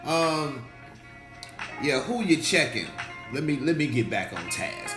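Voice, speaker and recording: A slightly hoarse man, a pastor hosting a faith livestream, talking casually and animatedly, repeating phrases and calling out to viewers in the chat. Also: medium pitch, very animated, moderate pace. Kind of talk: casual livestream preaching talk. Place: indoor room, livestream. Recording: echoey room with faint music.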